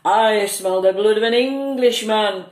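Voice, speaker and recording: A woman voicing a huge, angry male giant in a children's story, chanting loudly. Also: mid-range voice, echoey room, lightly acted. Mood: booming. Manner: loud drawn-out chant.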